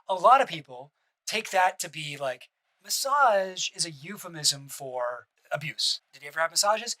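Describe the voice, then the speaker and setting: A man's voice: a little high, sing-song, normal speed, sharp tone, poor audio. A man streaming casual reaction commentary, rambling with restarts and asides and swearing bluntly.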